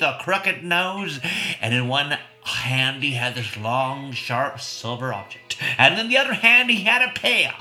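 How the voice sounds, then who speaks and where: A playful man hosts a comic storytelling show, his bright, high voice leaping all over. It rings in an echoey room with faint music underneath. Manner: animated, playful, with laughs. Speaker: storyteller host.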